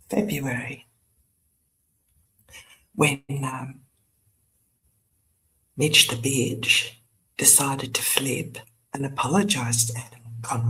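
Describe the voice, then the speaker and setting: A woman's voice: rumbling low, a bit bright. An older woman, hosting her own channel in a casual, rambling chat, laughing often and tossing in sarcastic asides. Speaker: YouTube channel host.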